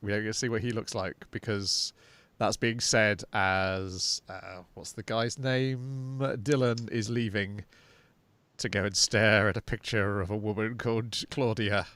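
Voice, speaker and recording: A man's voice: lowish voice, fairly even intonation, measured pace, fairly bright tone, no echo. A man co-hosting a podcast, recapping an episode casually and unhurriedly, with fillers. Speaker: podcast co-host.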